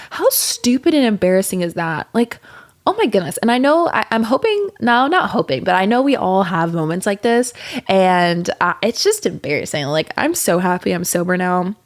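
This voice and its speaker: A young woman hosting a podcast, telling a candid, rambling story in casual chat with plenty of swearing and fillers. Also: mid-range voice. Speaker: podcast host.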